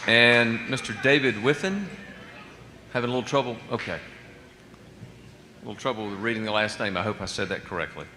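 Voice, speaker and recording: A man's voice: on the low side, normal speed, long pauses, pushed and bright. Courteous chairman, roomy and distant. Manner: brief, courteous. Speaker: hearing chair. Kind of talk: chairing a hearing. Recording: roomy hall, audible hiss, from far off.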